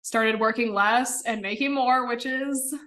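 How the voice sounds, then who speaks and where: This young woman, a guest on a podcast and from the American Midwest, speaks a little slowly in a slightly high, somewhat bright voice with fairly even intonation. Her casual interview talk is chatty and full of fillers and little laughs.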